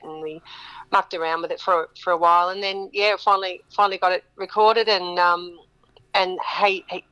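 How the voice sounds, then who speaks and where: Bright, animated woman storyteller. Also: on the low side, poor audio. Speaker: singer-songwriter guest. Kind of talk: storytelling interview.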